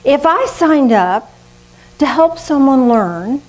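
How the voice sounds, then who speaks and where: An older woman preaching a sermon in a lively, conversational way, often laughing at herself. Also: high-pitched, slow pace, poor audio. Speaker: minister.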